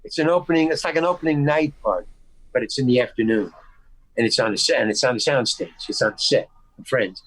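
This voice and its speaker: American man spinning an animated anecdote. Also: mid-range voice, fast, no room sound, rough recording. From United States. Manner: animated anecdote-telling with restarts and acted-out quotes. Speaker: guest actor. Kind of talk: casual storytelling interview. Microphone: video call.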